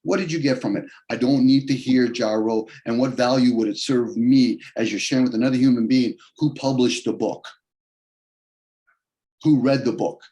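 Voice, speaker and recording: A man talking on a video call in a casual, rambling way, arguing his points and often jumping in pitch for emphasis. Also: moderate pace, warm tone, lo-fi sound. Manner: rambling, argumentative, shifts pitch often for emphasis and quoted voices.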